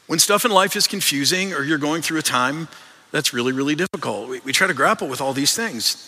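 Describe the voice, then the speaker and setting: Bright-voiced male pastor in a reverberant hall. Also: on the high side, lively intonation, a little fast, breathy edge. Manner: earnest, conversational, frequent word repeats. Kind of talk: sermon. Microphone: microphone. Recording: long reverb in a large hall.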